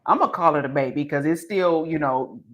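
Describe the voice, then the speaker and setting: A woman hosting a casual interview, lively and teasing, with colloquial talk. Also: low-pitched, brisk. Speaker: podcast host.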